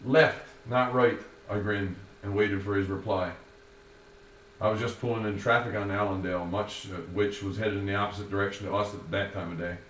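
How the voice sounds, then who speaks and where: A man reading his own first-person story in a wordy, formal, measured way. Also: lowish voice. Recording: roomy, distant, faint noise.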